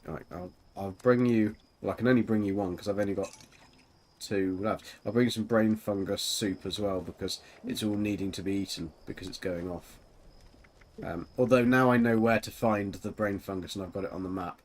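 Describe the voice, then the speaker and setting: A man streams a game at normal speed, his lowish voice accompanied by a little hiss or hum. He chats casually with a teammate, rambling with plenty of fillers and giggles.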